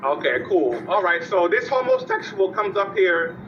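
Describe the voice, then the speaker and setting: A man in a heated argument, ranting and shouting the same insults over and over. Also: high voice, wildly swooping pitch, moderate pace, soft background music. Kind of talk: heated argument in a live audio room. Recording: distant, dull lo-fi clip.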